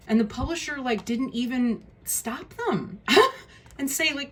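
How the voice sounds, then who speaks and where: A woman's voice: mid-range voice, sing-song, a little slow, slight background noise. A woman talking casually through a tarot deck walkthrough, frank and easily exasperated, with many ums and restarts. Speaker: tarot video creator.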